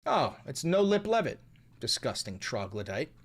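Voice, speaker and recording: A man's voice: medium pitch, big pitch swings, moderate pace, slightly rough. Guy streaming, cussing and ranting sarcastically, voice bouncing all over the place. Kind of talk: live-stream commentary.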